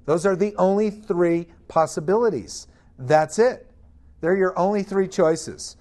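Emphatic preacher, a man with a higher voice. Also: a little slow, mellow. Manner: emphatic, rhetorical questions to the congregation. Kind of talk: sermon.

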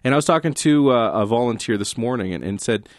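A man's voice: mid-range voice, lively intonation, fast talker, dry recording. A man being interviewed in a radio studio as a campaign manager, speaking earnestly with filler ums.

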